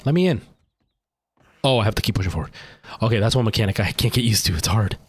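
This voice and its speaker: A man's voice: fairly low pitch, animated, fast, husky, dry recording. A man streaming a game live, anxious and jumpy, talking to himself and sometimes dropping to a nervous whisper. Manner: anxious, jumpy, talks to himself under stress. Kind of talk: live gameplay commentary.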